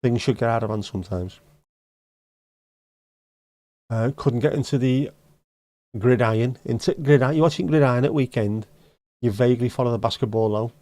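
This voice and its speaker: A man's voice: mid-range voice, darkish tone, dry recording. Joking middle-aged man, dry sound. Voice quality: joking, teasing banter. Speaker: livestream host. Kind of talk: casual chat reading out viewer comments.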